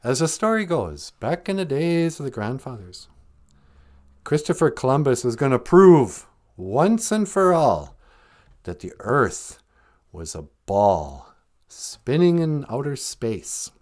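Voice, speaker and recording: A man's voice: mid-range voice, very animated, takes it slowly, darkish tone. Older man in joking, laugh-filled chat. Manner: joking, laughs often, sarcastic asides. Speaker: podcast host. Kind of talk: comedic casual chat.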